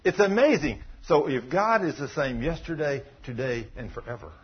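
Husky preacher, dull lo-fi recording. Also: male voice, fairly high pitch, animated, moderate pace. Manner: storytelling with acted-out quotes, rising to emphatic questions. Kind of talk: sermon.

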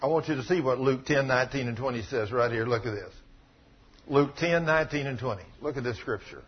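A man preaching, telling a story and acting out the quotes with big jumps in loudness, in dull lo-fi broadcast audio. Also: mid-range voice, fairly quick, breathy edge. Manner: animated, acts out quotes with big swings in loudness. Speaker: pastor. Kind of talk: sermon storytelling.

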